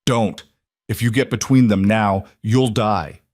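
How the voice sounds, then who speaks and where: A man's voice: on the low side, steady tone, a little slow, a little mellow, dry recording, clean studio sound, close to an everyday voice. A man voicing a grim werewolf warrior. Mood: urgent.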